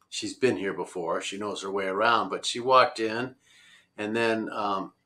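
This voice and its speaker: A man's voice: fairly low pitch, bright, forceful tone. A man telling a travel story in a rambling conversational way, with many fillers and restarts. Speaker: road-trip traveler guest.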